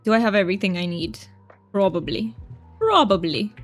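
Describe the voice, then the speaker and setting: A woman's voice: medium pitch, animated, moderate pace, faint music behind. A woman streaming a cozy game, chatting casually with her viewers and reading their messages aloud. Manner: chatty, giggly, reads chat aloud. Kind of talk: casual gameplay chat with chat.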